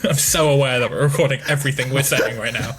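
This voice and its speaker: A man's voice: medium pitch, fairly even intonation, quick pace, a loud crowd. A man from the UK co-hosting a podcast, teasing his co-host and laughing often as he cuts in. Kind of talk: casual podcast chat.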